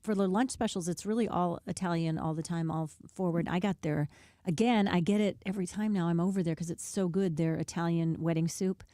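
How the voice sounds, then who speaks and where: A woman's voice: fairly low pitch, fairly even intonation, mellow, dry recording, studio quality. A woman co-hosting a radio talk show, chatting casually and restarting her sentences often. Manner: chatty, talks in quick restarts. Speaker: radio co-host. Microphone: studio microphone.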